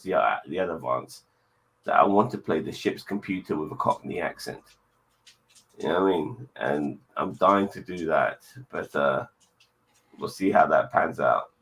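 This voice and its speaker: A man hosting a casual online chat show, blunt and quick to swear, with cheery sign-offs. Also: low voice, animated, fairly bright tone, poor audio. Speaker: podcast host.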